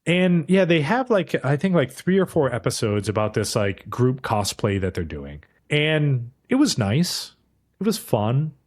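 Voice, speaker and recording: A man's voice: medium pitch, very animated, a little slow. A man co-hosting a podcast, chatting casually about anime, rambling and swearing freely, briefly acting out characters' lines. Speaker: podcast co-host. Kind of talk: casual anime review chat.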